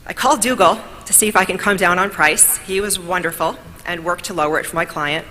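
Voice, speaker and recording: Bright-toned woman in an echoing hall. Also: fairly low pitch, a little fast. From New York. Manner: grateful, upbeat, storytelling. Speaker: award speaker. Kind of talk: speech at an awards event. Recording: long hall reverb, faint noise.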